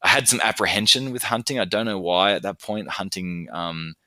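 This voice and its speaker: Very deep, bright-toned Australian man. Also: fairly quick, dry recording. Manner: storytelling, reciting rhymed verse in a steady rhythm. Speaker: podcast guest, bush poet. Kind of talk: casual podcast chat and bush poetry recital.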